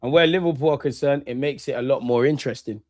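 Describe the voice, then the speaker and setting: Here a young football watchalong streamer chats through a live match in slangy, bored-sounding commentary. He speaks fast at a medium pitch with a darkish tone, captured dry.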